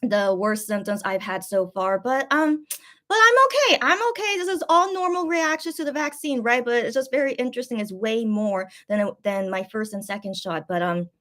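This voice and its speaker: A woman's voice: mid-range voice, moderate pace, few pauses. A woman chatting casually on a livestream as host, rambling and giggling, with lots of fillers and restarts, a little sick after a booster shot. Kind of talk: casual live-stream chat.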